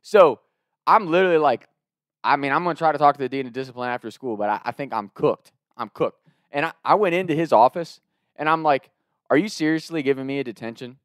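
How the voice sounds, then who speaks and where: Young man, casual anecdote, swears a lot, animated, higher voice, dry close sound. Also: brisk, no echo. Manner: profane, animated, acts out quotes. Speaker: storyteller.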